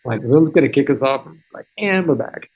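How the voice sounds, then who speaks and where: A man's voice: mid-range voice, lively intonation, moderate pace, darkish tone, breathy edge, muffled recording. A man in his thirties, a guest telling stories in a chatty, self-deprecating way with many restarts, heard over a video call. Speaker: interview guest.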